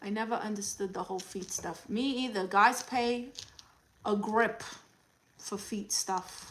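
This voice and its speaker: A woman hosting a comedy livestream as an advice-giving aunt, chatting casually with a sassy, teasing manner and reading comments out loud. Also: mid-range voice, unhurried, slight background noise, rough recording. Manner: coos baby talk at her dog.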